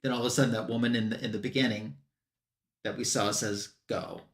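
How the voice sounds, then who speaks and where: A man on a comic book show giving a casual plot recap and quoting characters in quick bursts. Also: mid-range voice, little pitch movement, roomy sound. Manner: retells scenes with quick quoted voices for characters.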